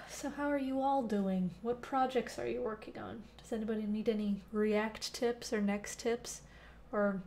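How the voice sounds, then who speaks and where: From a temporary home, a young woman runs a casual live coding stream on a headset mic, reading chat aloud and answering questions with lots of fillers. Her voice is a little high and darkish, steady in tone, and a little slow, with slight background noise.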